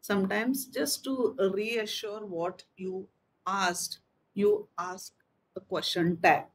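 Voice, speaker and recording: A woman's voice: mid-range voice, fairly even intonation, slow, breathy edge. A woman teacher giving a grammar lesson, explaining step by step, repeating key terms and reading out example sentences. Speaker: English teacher.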